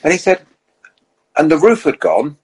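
A man's voice: a little high, normal speed, husky, poor audio. A man telling racing anecdotes in a casual chat, quoting people as he goes. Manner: animated storyteller who quotes others in their own voice.

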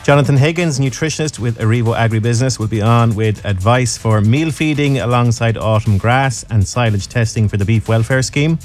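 An Irish man reading the weather forecast and introducing a farming radio show in a steady, measured way. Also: medium pitch, faint music behind. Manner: measured, steady broadcast delivery.

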